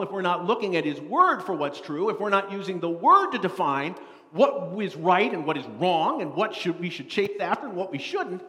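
A man preaching a sermon in a lively, dramatic way, acting out the quotes he tells. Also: sits high. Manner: animated, dramatic, acts out quotes in a rising voice. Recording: long reverb in a large hall.

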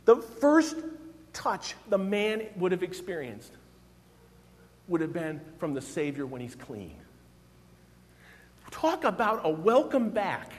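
Animated preacher in a reverberant hall. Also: male voice, high voice, unhurried. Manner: expressive, emphatic, acts out quoted voices. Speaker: pastor. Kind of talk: sermon.

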